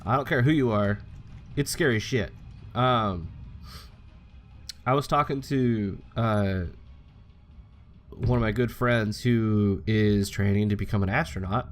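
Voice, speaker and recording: A young gaming host talks his way through a game in a meandering, casual style, swearing from time to time. He speaks slowly in a lowish voice, leaving long pauses.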